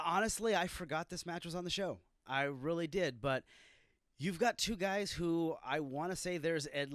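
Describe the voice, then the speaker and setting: Recorded dry and at studio quality, this solo wrestling review podcast has its male host cursing and ranting in irritated bursts as he reacts to a show. He sits on the high side, with a fairly bright tone.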